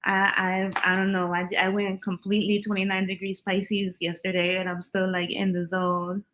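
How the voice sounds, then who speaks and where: A chatty woman runs a live tarot stream, talking loosely with her viewers and greeting them one by one. She laughs easily and drifts from topic to topic in a relaxed, conversational way. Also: mid-range voice, normal speed, slight background noise. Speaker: tarot reader hosting a livestream. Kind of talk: casual livestream chat.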